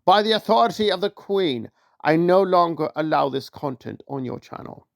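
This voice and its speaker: A man's voice: on the high side, lively intonation, normal speed, gravelly, no echo, clean studio sound, voice pushed up. A man playing a pompous, commanding authority figure. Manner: stiff, commanding, mock-formal. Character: pompous self-important male authority figure.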